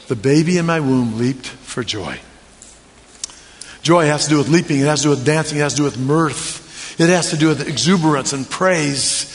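A man preaching a sermon with humor and many rhetorical questions, drawing the crowd in. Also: fairly high pitch. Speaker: pastor. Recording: long hall reverb.

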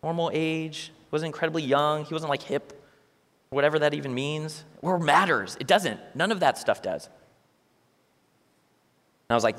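A young man with a slightly raised pitch gives a story-driven church talk. He jumps between voices, acting out both sides of each exchange with deadpan humor. His voice rings out in a large hall with long reverb. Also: normal speed, long pauses. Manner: animated, plays out both sides of conversations with dry humor. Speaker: speaker sharing a testimony.

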